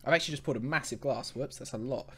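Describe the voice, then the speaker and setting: A man's voice: mid-range voice, fast, slightly rough. A man co-hosting a casual podcast chat, laid-back and laughing easily. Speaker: podcast co-host.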